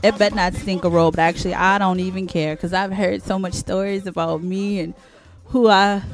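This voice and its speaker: A woman's voice: medium pitch, steady tone, moderate pace, faint music behind. A woman hosting a radio countdown show, chatting casually, rambling and correcting herself on air.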